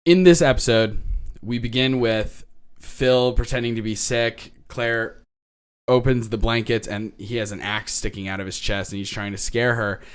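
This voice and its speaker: A man co-hosting a podcast, casually retelling a TV episode with lively asides, acting out characters' lines, laughing often and swearing now and then. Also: medium pitch, moderate pace, smooth. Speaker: podcast co-host.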